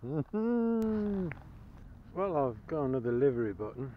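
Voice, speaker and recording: A man's voice: on the low side, moderate pace, lo-fi sound, slight background noise. A man chatting cheerfully to the camera as he metal-detects outdoors, chuckling and enthusiastic about each find. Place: outdoors in a field.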